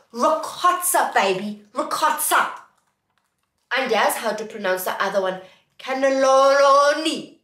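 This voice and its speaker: In a casual haul vlog, a young woman from South Africa talks playfully to her viewers in a sing-song way. Her voice is on the high side and a bit bright, and the distant mic picks up an echoey room.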